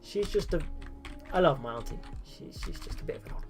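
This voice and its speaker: A man's voice: on the high side, expressive, quick pace, faint music behind. Chatty, self-mocking male streamer. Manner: chatty, self-mocking, reads and answers chat. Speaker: game streamer. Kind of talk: casual live-stream chat. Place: at home.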